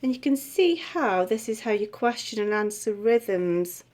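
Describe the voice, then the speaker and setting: Slow, chatty woman teaching. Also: on the high side, animated, darkish tone, slight background noise. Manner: unhurried, chatty teaching with many fillers and restarts. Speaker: music theory teacher. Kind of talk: explaining a lesson to camera.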